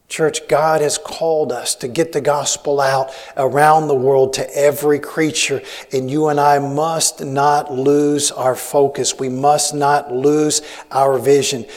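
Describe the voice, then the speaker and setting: A man's voice: a little high, little pitch movement, unhurried, few pauses, a little mellow. Man preaching a sermon, raised voice, long reverb from the church hall, rambling storyteller. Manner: rambling storytelling with many restarts. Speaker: missionary preacher.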